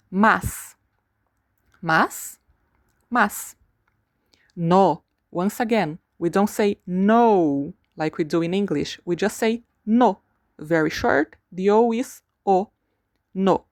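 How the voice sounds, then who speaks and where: A woman teaching Spanish vocabulary, saying each word slowly and repeating it for the learner. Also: lowish voice, animated, darkish tone, dry recording. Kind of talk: slow pronunciation lesson.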